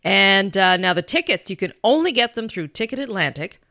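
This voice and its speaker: A woman co-hosting a radio show, chatting and reading out local events with many "uh" pauses. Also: mid-range voice, sing-song, gravelly, sharp tone, dry recording, studio quality. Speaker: radio co-host. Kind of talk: radio chat and event announcements.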